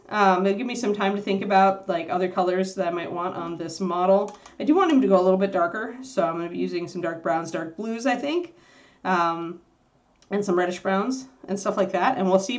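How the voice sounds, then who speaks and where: A woman's voice: mid-range voice, a little fast. A woman hosting a miniature painting livestream, chatting casually and explaining brushes and colors to viewers. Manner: chatty, scolds and coos at her puppy between painting tips.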